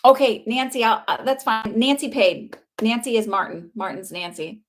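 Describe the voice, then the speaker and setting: A woman doing a live psychic medium reading, chatty and halting, with frequent fillers and laughter. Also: fairly high pitch.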